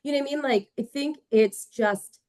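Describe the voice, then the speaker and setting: A woman's voice: sits high, moderate pace, dry recording. A woman on a panel, chatting expressively and acting out quotes in her stories. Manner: expressive, acts out quotes, drops to a whisper at times. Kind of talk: casual panel chat. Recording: dry close sound.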